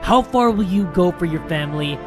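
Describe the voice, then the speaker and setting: A man giving comedic let's-play commentary, excitable and swearing, with loud outbursts. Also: high-pitched, brisk, music in the background. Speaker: gaming video host.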